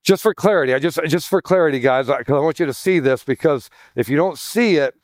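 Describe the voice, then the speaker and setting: A man's voice: on the high side, fast, no room sound, studio quality. A man preaching a sermon as pastor, teaching in a chatty way, calling his listeners "guys" and often restarting his sentences.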